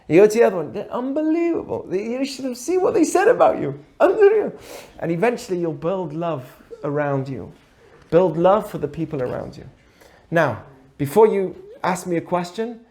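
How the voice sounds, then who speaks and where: A man's voice: sits high, darkish tone. A man teaching a conversational ethics lesson, asking rhetorical questions and acting out quoted dialogue. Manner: acts out dialogue in quoted voices; asks the audience rhetorical questions. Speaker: Torah teacher.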